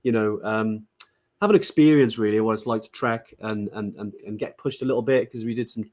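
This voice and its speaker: A man's voice: lowish voice, a little fast, a little mellow. A man from Wales co-hosting a casual live-stream chat, talking chattily with many fillers and restarts. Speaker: podcast co-host.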